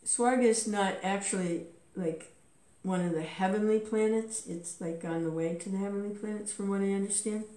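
A woman's voice: mid-range voice, moderate pace, warm tone. A woman reading an epic story aloud with occasional casual asides and filler words. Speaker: reader. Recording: roomy echo.

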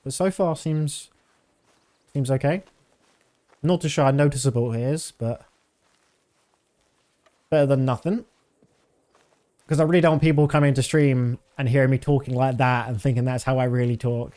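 Male streamer, thirties, mid-pitched, easygoing chat full of fillers. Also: normal speed, pauses often. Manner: rambling, relaxed, many fillers. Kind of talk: casual gameplay commentary.

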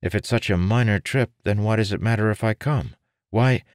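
An anxious, bewildered young man who keeps questioning and pleading, as a man puts him on. The voice is raised well above the reader's own deep tone, in a dry, close storybook recording. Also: moderate pace, clear, resonant tone, dry recording, natural voice.

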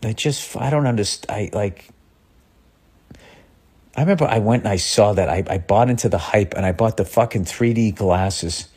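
A husky man rants on a podcast, exasperated and swearing as his voice jumps up and falls back down. The tone is conversational but heated, with a grumbling edge. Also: moderate pace, darkish tone. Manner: profane exasperated ranting with big pitch swings. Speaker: comedian. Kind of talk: podcast rant.

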